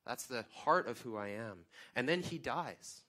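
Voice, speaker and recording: Guy giving a sermon, chatty and emphatic, lots of questions, mid-pitch voice. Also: animated, a little slow, bright, forceful tone. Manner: conversational, emphatic questions, occasional restarts. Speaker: guest pastor.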